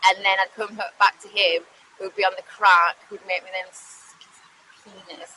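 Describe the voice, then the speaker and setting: Yorkshire woman telling her own story straight, bright sharp voice, lots of ums and restarts, swears a fair bit. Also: medium pitch, flat delivery, slight background noise, low-quality recording. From West Yorkshire, England. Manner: halting, many fillers and restarts, blunt swearing. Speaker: storyteller recounting her life. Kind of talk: candid personal testimony.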